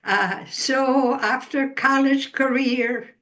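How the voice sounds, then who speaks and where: Older Greek-accented woman, slow and unhurried. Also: sits high, fairly even intonation, fairly bright tone. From Greece. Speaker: author and guest. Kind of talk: interview answers.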